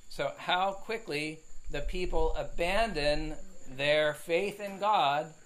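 A man with a slightly high voice teaches scripture in a conversational, unhurried way. He reads each verse, then explains it, scattering hesitations and tag questions through his talk. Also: fairly bright tone, poor audio. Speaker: Bible teacher. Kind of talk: conversational Bible study teaching.

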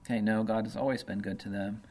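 A man teaching through Bible verses, reading passages slowly and then explaining them in a casual way with many fillers like "uh" and "you know.". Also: fairly low pitch, steady tone, warm tone. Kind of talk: informal Bible study talk.

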